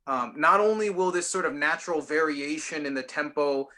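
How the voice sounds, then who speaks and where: A man's voice: a little high, normal speed, sharp tone. A man teaching a voice lesson, patiently explaining and demonstrating lines by speaking and singing them.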